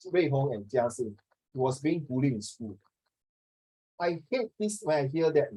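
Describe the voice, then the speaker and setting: A man's voice: on the high side, warm tone, low-quality recording. A man, tutoring a class in a chatty, teasing way and slipping into Mandarin now and then. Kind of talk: online class teaching.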